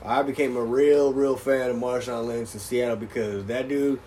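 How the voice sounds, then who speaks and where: A man's voice: mid-range voice, fairly even intonation, normal speed, warm tone. A man co-hosting a podcast, chatting casually about basketball and football in a laid-back, slangy way. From California. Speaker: podcast co-host. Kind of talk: casual sports chat.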